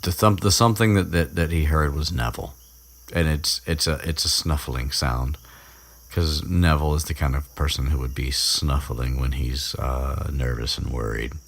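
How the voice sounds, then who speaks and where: A man's voice: rumbling low, steady tone, moderate pace, creaky. A young man hosting a podcast, recapping a story in a rambling, casual way, chuckling and swearing freely. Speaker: podcast host.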